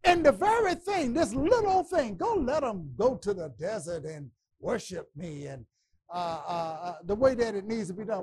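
A man teaching a Bible class, preaching with passion, stammering repetitions and bursts of shouting. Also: high voice, sing-song, moderate pace, breathy edge.

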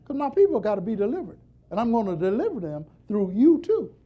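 A man's voice: sits high, sing-song, fairly quick, lo-fi sound. A man preacher speaking as God in a firm, stern way. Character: commanding deep-voiced God speaking, firm.

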